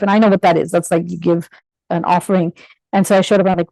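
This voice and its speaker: A woman's voice: medium pitch, fast talker, gravelly, dry recording, poor audio. A middle-aged woman, a physician guest, telling her story in a casual interview and acting out the voices of the people in it. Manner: animated, acts out quoted voices with laughter.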